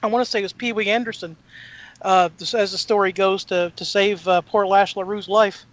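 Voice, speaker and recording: A man's voice: sits high, fairly quick, dry recording. A man co-hosting a talk show who tells salty, swear-filled stories about old-timers. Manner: salty, swears freely, animated anecdotes. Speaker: podcast co-host. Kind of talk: casual storytelling chat. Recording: dull lo-fi sound.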